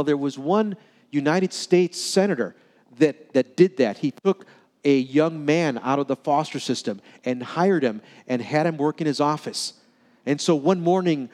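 A man preaching a sermon, telling stories and acting out dialogue, sometimes dropping to soft, quiet tones. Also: a little high. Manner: storytelling, acts out dialogue with sudden drops to soft tones. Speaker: pastor. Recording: long hall reverb.

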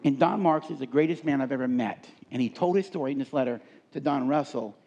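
A man's voice: mid-range voice, fast, a little mellow, dull audio. A middle-aged man speaking at a live leadership seminar, telling stories and asking the audience questions in a conversational way. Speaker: workshop speaker.

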